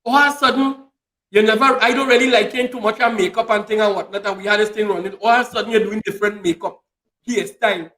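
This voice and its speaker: A man's voice: high-pitched, steady tone, quick pace, pushed and bright. A man, hosting a casual chat and holding forth with lots of repetition. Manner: preachy, repeats phrases for emphasis. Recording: echoey room.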